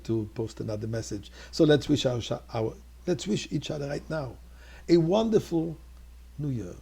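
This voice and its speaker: A man's voice: medium pitch, gravelly, dark tone, breathy edge. An older man, a rabbi, telling a story in an earnest sermon that rises to fervent exclamations. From Montreal.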